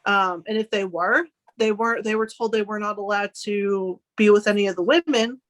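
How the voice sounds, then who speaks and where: A woman's voice: mid-range voice, fairly even intonation, moderate pace. A young woman from Arkansas speaks as a guest on a podcast. Her delivery is earnest and conversational, dotted with casual fillers as she makes her points. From Arkansas, United States.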